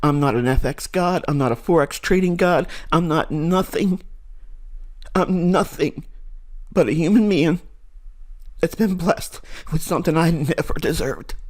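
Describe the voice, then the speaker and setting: A man with a fairly high voice delivers a fervent, preachy monologue to his viewers. He talks like a trading channel host who is defiant and wholly sure of his calling. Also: a little slow.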